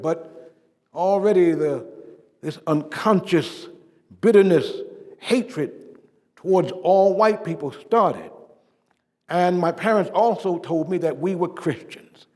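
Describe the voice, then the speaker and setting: A male actor portraying a dignified civil rights preacher, higher-pitched man, stately storytelling, sudden loud swells and soft drops, live stage monologue, long hall reverb. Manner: measured oratory with emphatic swells and hushed drops. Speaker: living-history performer. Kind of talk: first-person living-history monologue. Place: stage performance.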